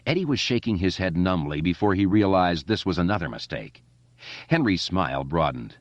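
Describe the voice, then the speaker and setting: A man narrating an audiobook in a steady, expressive storytelling way. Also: low-pitched, moderate pace, dry recording. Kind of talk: scripted narration. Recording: dull lo-fi dry recording.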